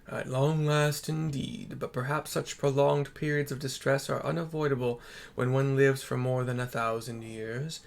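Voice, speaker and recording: A man voicing a jovial old male turtle spirit, loud and hearty. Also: mid-range voice, fairly even intonation, moderate pace, vocal fry, few pauses, natural voice.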